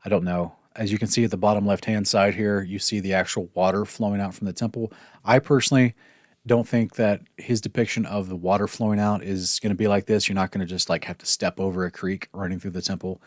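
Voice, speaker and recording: A man's voice: lowish voice, fairly even intonation, fast talker, dry recording, clean studio sound. A man teaching a casual Bible study lesson, talking things through conversationally with restarts and asides. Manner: conversational, thinks aloud with restarts and apologies.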